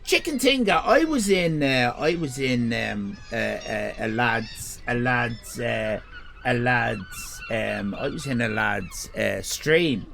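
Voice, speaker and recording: A man's voice: medium pitch, lively intonation, slow pace, creaky, fairly bright tone, a little hiss or hum. An Irish man streaming live, chatting casually, rambling, joking crudely and reading chat messages aloud. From Ireland.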